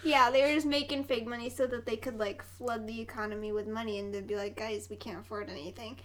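High-voiced woman podcast co-host. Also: level tone, fast talker, a little hiss or hum. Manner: giggly, storytelling. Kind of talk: casual chat.

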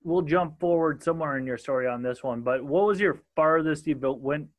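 A man's voice: fairly high pitch, brisk. A man from Minnesota with a Minnesotan accent, hosting a casual interview podcast and rambling with casual swearing. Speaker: podcast host.

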